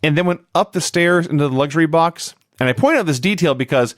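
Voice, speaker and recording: A man's voice: fast talker, dry recording, clean studio sound. A man co-hosting a podcast, giving a wry, laughing recap of a wrestling show in casual chat. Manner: wry, laughing recap with lively swings in pitch.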